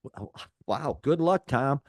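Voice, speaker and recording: A man's voice: mid-range voice, animated, slow, no echo, studio quality. An older man, co-hosting a casual rock chat show, rambling and joking with many fillers. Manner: rambling, jokey, lots of fillers. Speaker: podcast co-host.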